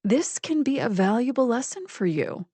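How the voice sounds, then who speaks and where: Woman reading a smooth condescending dean. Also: a little high, big pitch swings, warm tone, no room sound. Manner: measured and reasonable.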